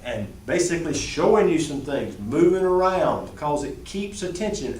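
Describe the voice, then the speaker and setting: Teaching a reentry job-skills class at a moderate pace, a middle-aged man speaks animatedly and expressively, his fairly high voice rising and falling. He's slightly far from the mic in a big, echoing room with slight background noise.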